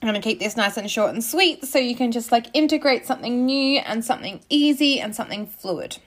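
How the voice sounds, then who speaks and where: A woman's voice: fairly high pitch, fairly quick. A woman, hosting a casual solo podcast in a candid way, swearing freely and laughing often. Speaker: podcast host.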